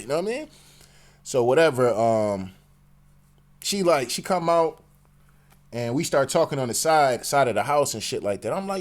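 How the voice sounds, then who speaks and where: A man's voice: a little high, animated, brisk. A man telling a personal story in a slang-heavy, profane rant, peppered with "you know what I'm saying". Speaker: commentary channel host.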